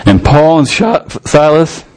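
A man's voice: a little high, very animated, slow pace, a little mellow. An older man preaching a sermon, retelling scripture in a folksy, colloquial way with rising fervor.

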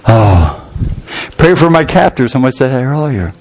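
A man's voice: medium pitch, very animated, normal speed, a little mellow. An older man preaching a sermon, retelling scripture in a folksy, colloquial way with rising fervor.

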